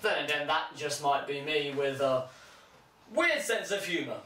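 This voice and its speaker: A young man delivering a sarcastic comic monologue, breaking into shrill mocking voices. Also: animated, measured pace, bright, forceful tone, slight background noise. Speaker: comedian. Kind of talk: stand-up style comic monologue. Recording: echoey room, mic held far off.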